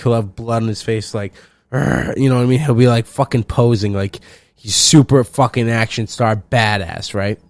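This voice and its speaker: A young man hosting a solo comedy podcast, rambling and swearing in a loose, animated way. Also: lowish voice, no room sound. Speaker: podcast host.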